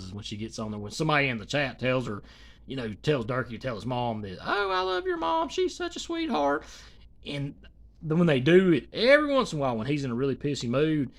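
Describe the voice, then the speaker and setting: A man rambling in casual reaction commentary, swearing and full of fillers. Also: medium pitch.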